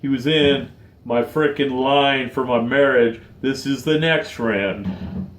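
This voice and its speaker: A man in his forties, choked up and close to tears, speaking slowly and haltingly in a heartfelt personal vlog. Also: mid-range voice, reverberant, background noise. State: choked up, tearful. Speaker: vlogger.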